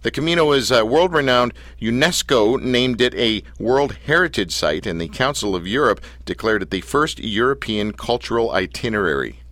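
A man's voice: medium pitch, animated, normal speed, few pauses, a bit bright, no room sound. A man hosting a casual interview show, telling rambling stories and teasing his guest. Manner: playful, rambling storyteller who teases his guest. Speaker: radio show host.

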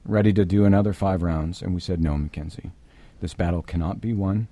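A middle-aged man with a very low, husky voice. The tone is dark and mellow, and he speaks in a measured, hesitant way as an interview guest. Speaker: interview guest, bereaved father. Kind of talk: personal testimony.

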